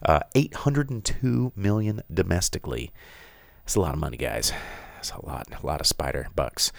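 A man's voice: sits low, moderate pace, vocal fry, no echo. A man co-hosting a podcast in casual chat, running through numbers with frequent self-corrections and fillers. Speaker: podcast co-host.

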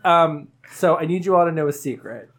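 A woman hosts a relaxed podcast among friends. She talks in a rambling, animated way and laughs often between her stories. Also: sits low, brisk, crowd noise. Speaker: podcast host. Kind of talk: casual chat with friends.

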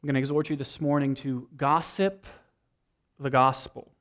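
A young adult man preaching a sermon, telling a story with lively energy and acting out lines from a movie. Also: medium pitch, moderate pace. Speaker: pastor.

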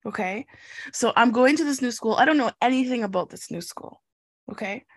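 A middle-aged woman, a guest in an interview, telling a personal story in an animated, chatty way and tagging lines with "okay?". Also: on the high side, a little fast, dry recording. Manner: animated, chatty, acts out quotes, frequent "like" and "okay?". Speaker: guest, inclusive education researcher. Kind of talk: casual storytelling in a conversation.

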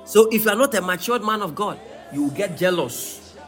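A pastor's sermon rings out in a high, bright voice that is brisk and lively in intonation. He breaks into shouts, sings certain phrases, and faint music plays underneath.

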